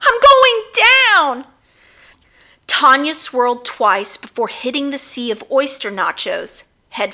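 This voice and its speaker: A woman narrating her own children's book as an audiobook, reading expressively. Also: on the high side. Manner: expressive storytelling.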